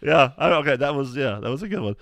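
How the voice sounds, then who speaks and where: A man's voice: medium pitch, animated, fast, a bit bright, no room sound. A man co-hosting a podcast in casual chat, talking enthusiastically and gushing about what he likes. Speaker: podcast co-host.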